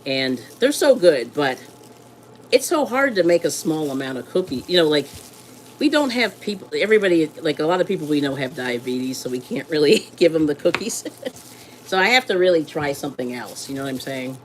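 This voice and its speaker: A woman with a low voice hosts a live cooking stream from a home kitchen, talking loosely and laughing often. Her pitch swoops widely as she rambles and greets viewers, with a faint hiss underneath. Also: big pitch swings, fairly quick, low-quality recording. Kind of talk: casual chat while cooking.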